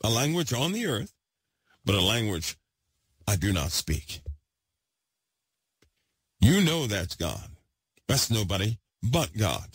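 A man preaching with great excitement, repeating himself for emphasis and swinging from loud bursts to hushed asides. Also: fairly low pitch, slow, pauses often, breathy edge, no room sound. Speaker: podcast host preaching. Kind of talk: impassioned preaching.

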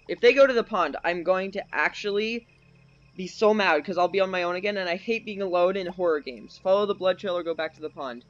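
Brief: high-pitched male gaming host, skittish horror-game commentary. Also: normal speed, a bit bright, lo-fi sound. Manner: jumpy, easily scared, nervous laughs. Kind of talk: live commentary while playing.

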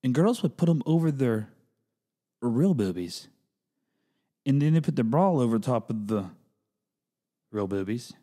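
A middle-aged man hosting a comedic solo podcast, talking in an animated way that jumps into high, exaggerated bits and restarts often. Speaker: podcast host.

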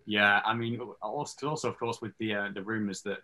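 Thoughtful male guest with a low, bright, forceful voice. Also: steady tone, brisk, rough recording. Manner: thoughtful, searching for words. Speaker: online content creator guest. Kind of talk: casual interview chat.

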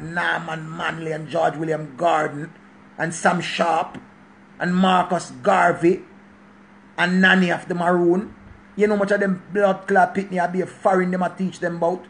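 A man's voice: high voice, slight background noise. A man in his forties from Jamaica with a Jamaican accent, delivering a preachy, emphatic monologue that repeats points for stress. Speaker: channel host. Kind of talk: casual monologue rant.

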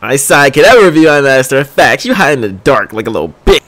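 A young man hosting an anime reaction, reacting in excitable, slangy banter and laughing often. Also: mid-range voice, fast talker. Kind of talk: casual reaction commentary.

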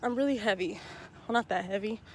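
Out of breath on a neighborhood stroll, a young woman vlogs casually into a phone held at arm's length, rambling and teasing herself. Her mid-range voice moves fairly quickly over slight background noise.

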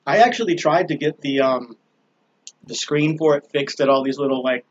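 A man vlogs from a small balcony in a fairly high voice at a moderate pace, the audio dull with a little hiss or hum. It's a laid-back monologue, rambling, profane and full of fillers.

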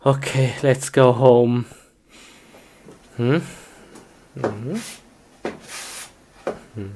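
A woman acting out a comedic skit as an excitable gamer, exclaiming and yelping in broken English phrasing. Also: rumbling low, extremely slow, slight background noise.

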